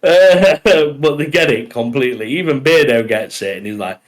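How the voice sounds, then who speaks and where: A man's voice: medium pitch, expressive, moderate pace, poor audio. A man co-hosting a casual podcast, joking and laughing often as he talks. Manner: jokey, laughs often between lines. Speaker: podcast co-host.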